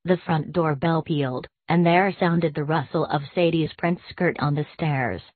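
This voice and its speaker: A woman giving a measured, expressive audiobook reading of a classic short story. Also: sits low, no echo. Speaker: audiobook narrator. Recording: tinny, dry, phone-like sound.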